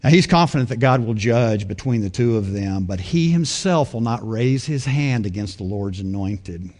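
A man's voice: lowish voice, lively intonation, moderate pace, darkish tone. A man preaching a sermon in a conversational way, often asking his listeners rhetorical questions.

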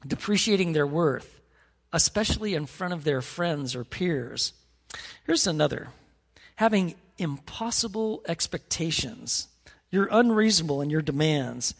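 High-voiced preaching man in reverb. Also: animated, unhurried, vocal fry. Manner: earnest, conversational preaching with frequent "like" and restarts. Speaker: pastor. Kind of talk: sermon. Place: church sanctuary.

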